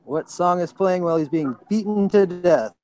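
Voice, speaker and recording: A man hosting a trivia tournament, reading out questions and reacting with excitement to answers. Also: sits high, normal speed. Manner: excitable, apologetic about slips. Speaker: quiz host.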